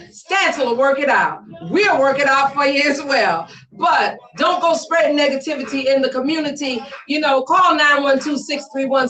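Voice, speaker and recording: A woman's voice: high voice, bright, forceful tone, distant mic. A woman hosting a talk show, talking emphatically and often raising her voice. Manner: emphatic, exclamatory, often raises voice. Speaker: podcast host. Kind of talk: casual talk show chat. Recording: roomy sound, away from mic.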